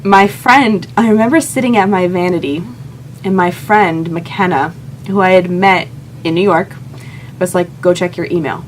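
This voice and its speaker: A woman's voice: on the low side, unhurried, a little hiss or hum. A young woman telling a heartfelt personal story in a vlog, earnest and emotional, often quoting her own thoughts. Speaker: vlogger.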